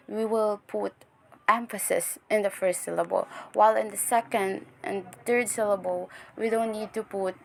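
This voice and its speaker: A young woman with a medium-pitched, creaky voice gives a recorded class presentation as a student. She explains step by step, with frequent restarts and fillers.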